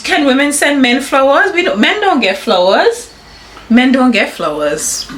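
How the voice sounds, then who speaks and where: A woman in her thirties with a Caribbean English accent, chatting casually to her viewers and her husband at home, giggly and warm. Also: sits high, very animated, measured pace. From Caribbean, grew up in Anguilla. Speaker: vlogger. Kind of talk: casual home vlog chat. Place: home, indoors.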